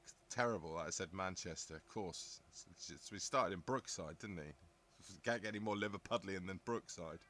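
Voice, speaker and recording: Lowish-voiced bright man, rambling live chat. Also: fairly quick. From southern England. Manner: rambling, muses aloud, answers chat comments. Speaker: live stream host reading chat. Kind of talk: casual live-chat talk.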